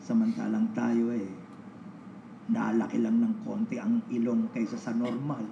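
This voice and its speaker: Filipino pastor preaching, echoey muffled sound. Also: male voice, on the low side, little pitch movement, moderate pace, gravelly, noisy background. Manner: mixes Tagalog and English, builds to emphatic repeated cries. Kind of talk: sermon. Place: church.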